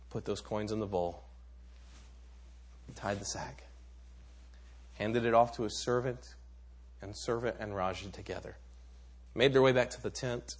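A man's voice: fairly low pitch, breathy edge. A man preaching a sermon, telling a story dramatically with some stammered restarts.

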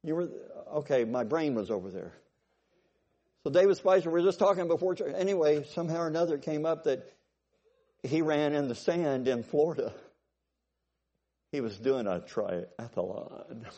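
Male preacher, sermon, mellow dark tone, animated, asks the congregation questions. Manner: animated, swings from loud bursts to low asides; keeps checking in with the congregation. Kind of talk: sermon with storytelling.

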